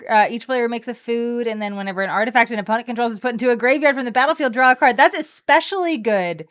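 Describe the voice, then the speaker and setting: A woman's voice: fairly high pitch, quick pace. A woman co-hosting a card game stream, chatting playfully and reading card text aloud. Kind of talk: casual chat opening card packs.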